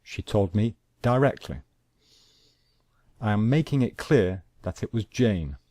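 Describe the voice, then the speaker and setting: Slow, deep-voiced male English teacher. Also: animated, mellow, dry recording, studio quality. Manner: slow, deliberate, repeats examples. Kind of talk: grammar lesson.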